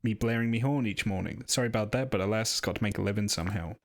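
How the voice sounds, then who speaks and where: A man's voice: on the low side, very fast, natural voice. A man doing a chatty scrap merchant. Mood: chummy. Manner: broad, chatty, strained attempt at the accent. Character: cheery middle-aged male northern English scrap merchant.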